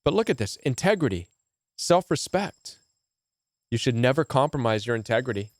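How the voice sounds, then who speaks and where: A man's voice: mid-range voice, big pitch swings, moderate pace, no room sound, studio quality. A man speaking as a relationship coach in emphatic commentary to camera, often asking rhetorical questions. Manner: emphatic, repetitive, asks rhetorical "right?".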